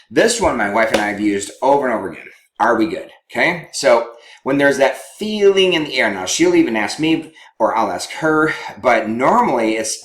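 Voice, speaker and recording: A man who works as a counselor, teaching in a conversational way and often checking in with his listeners. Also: mid-range voice. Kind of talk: teaching talk on couples communication. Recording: roomy echo.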